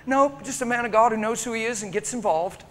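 A man's voice: very high-pitched, brisk. A male preacher delivering an emotional, story-driven sermon in a church, acting out the people in his stories. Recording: long church reverb, faint background noise.

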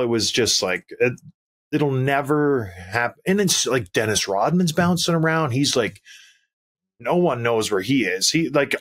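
A man hosting a podcast, retelling a night out in a casual, animated way, laughing often and acting out quoted lines. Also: medium pitch. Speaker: podcast host. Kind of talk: casual storytelling chat.

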